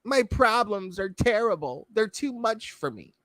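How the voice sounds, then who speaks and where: A man's voice: fairly high pitch, unhurried, fairly bright tone, no room sound, low-quality recording. A man mocking a whiny self-pitying young man. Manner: mocking, sobbing sing-song.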